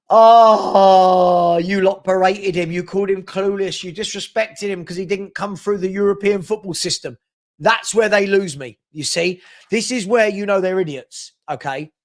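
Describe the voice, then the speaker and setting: A man hosting a live football stream, chatty and teasing as he reads viewer comments and gives shout-outs. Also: high-pitched, takes it slowly. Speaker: host of a live football transfer show.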